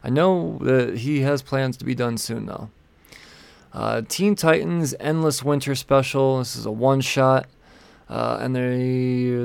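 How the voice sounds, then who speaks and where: A man with a gravelly, rough-edged voice, talking casually and swearing freely on a solo comics podcast. The sound is dry and close, with no room around it. He rambles from one release to the next in an offhand way. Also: medium pitch, a little mellow, no room sound. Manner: loose, profane and rambling, sipping vodka. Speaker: comic book podcast host.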